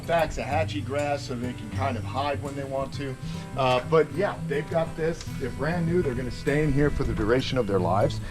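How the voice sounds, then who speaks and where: A man hosting a casual, enthusiastic walking tour of outdoor animal enclosures, talking with lots of fillers. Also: mid-range voice. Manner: chatty and enthusiastic, many fillers. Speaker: reptile sanctuary owner and host.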